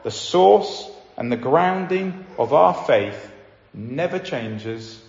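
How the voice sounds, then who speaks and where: A man delivers a sermon with earnest emphasis, often slowing down to stress key points. His fairly high voice swings widely in pitch. He is recorded in a large hall with a long, roomy echo. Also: expressive, gravelly, a little mellow. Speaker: preacher. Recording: echoey hall, slightly dull sound.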